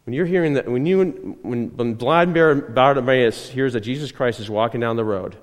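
A man's mid-range voice carries a long reverb tail as he preaches at a moderate pace in church. Speaking conversationally as pastor, he recounts a personal experience, circles back on his words, and keeps engaging the congregation.

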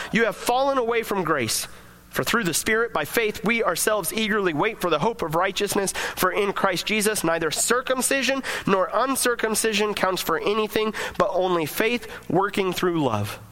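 A man's voice: sits high, pushed and bright. A man preaching a sermon to his congregation in a conversational way, acting out quoted voices as he reads and explains scripture. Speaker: pastor.

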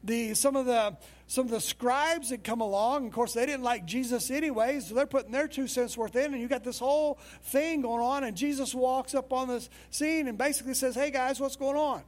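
A man's voice: extremely high pitch, brisk, few pauses. A male pastor preaching a sermon in a conversational, storytelling way.

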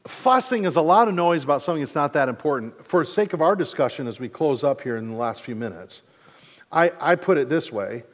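A man's voice: a little high, in a large hall. A man in his forties from mid-Michigan, preaching a sermon in a casual, joking way and acting out quotes. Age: 40s. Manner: conversational, self-deprecating humor with acted-out quotes. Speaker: pastor.

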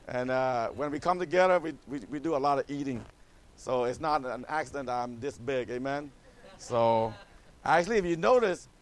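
Middle-aged man, missionary pastor, slightly high voice, joking with "amen?" asides. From Cambodia. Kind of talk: mission update to a church.

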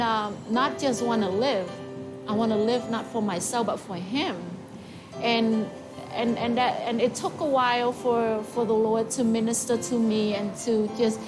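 A woman with a fairly high voice tells her personal faith testimony. She speaks in halting, emotional phrases and often restarts. Music plays clearly behind her. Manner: halting, emotional storytelling with repeats.

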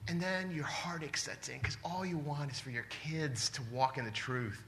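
A man in his forties preaching a sermon in a church, animated and exclamatory, often laughing. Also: on the high side, fast talker, hardly any pauses, slight background noise. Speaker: pastor. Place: church sanctuary.

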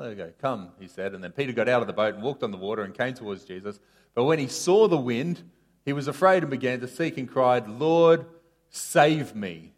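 Animated preacher, casual sermon. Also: male voice, medium pitch. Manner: animated storytelling, voice rising and falling sharply.

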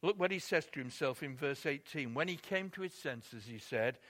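Emphatic preacher, forceful bright voice. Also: male voice, fairly high pitch, moderate pace. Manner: expressive storytelling, rising emphatically on key points. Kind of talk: sermon.

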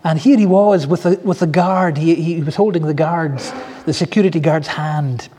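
A man preaches a sermon, with a slightly raised, mellow voice and a touch of huskiness. He tells his stories in an earnest, heartfelt way. The sound carries the long reverb of a large hall. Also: on the high side, normal speed, breathy edge. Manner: earnest storytelling with soft asides. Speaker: pastor.

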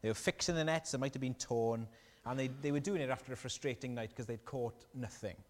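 A man's voice: mid-range voice, brisk. Man preaching in a reverberant hall. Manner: animated storytelling with questions to the congregation. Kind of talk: sermon.

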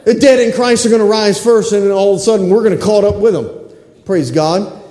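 A male pastor preaching a sermon into stage microphones, fervent and excitable, calling for amens. His voice sits high for a man. The church hall around him rings with echo. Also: brisk. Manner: excitable, calls for amens from the congregation. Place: church sanctuary.

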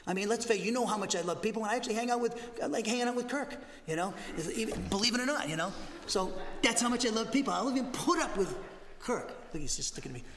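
A male pastor from New teaching a Bible lesson, animated and conversational, with jokey asides and frequent "okay?". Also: sits high, fast, slight background noise. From Massachusetts, USA. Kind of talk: expository Bible teaching sermon. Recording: roomy hall reverb.

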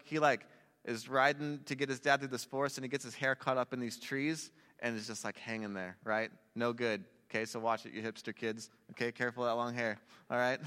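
A man preaching a sermon in a relaxed, conversational way, with jokey asides to a young audience. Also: medium pitch. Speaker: pastor. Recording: long hall reverb.

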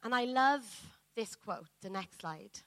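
A woman's voice: a little high, animated, takes it slowly, a bit bright, no echo, poor audio. A woman preacher giving a sermon, reading scripture and building to fervent, earnest emphasis. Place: church.

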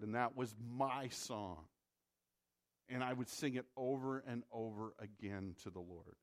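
A man from the Midwest preaching a sermon as a pastor, in a conversational way that repeats words when he presses a point. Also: medium pitch.

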